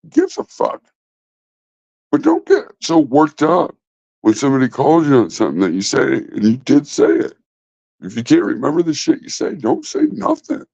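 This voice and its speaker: A man's voice: medium pitch, vocal fry, darkish tone, no echo. A man hosting a casual livestream from his phone, rambling and swearing bluntly. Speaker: livestream host. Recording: dull lo-fi phone audio.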